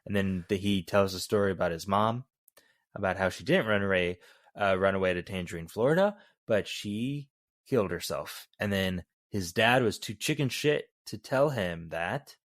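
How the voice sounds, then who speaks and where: A podcast co-host with a low voice chats casually about a film at a moderate pace, rambling loosely and correcting himself along the way. The studio sound is clean, with no echo.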